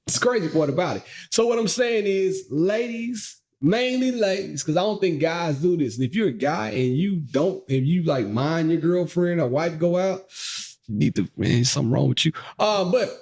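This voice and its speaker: A man's voice: fairly high pitch, moderate pace. A man co-hosting a podcast in casual chat, telling stories playfully, laughing often and speaking straight to listeners. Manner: playful, animated storytelling with frequent laughs; addresses listeners directly. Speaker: podcast co-host.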